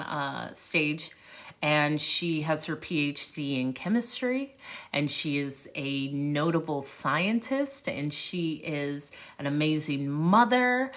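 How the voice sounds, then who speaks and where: A woman speaker telling a personal story on a livestream, lively and full of asides to viewers. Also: sits low. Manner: animated, jumps around, greets viewers. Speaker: motivational speaker, livestream host.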